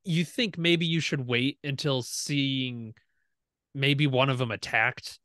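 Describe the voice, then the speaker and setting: A young man running a tabletop game, explaining rules in a relaxed way with fillers. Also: mid-range voice, takes it slowly, no echo, clean studio sound. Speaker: game master.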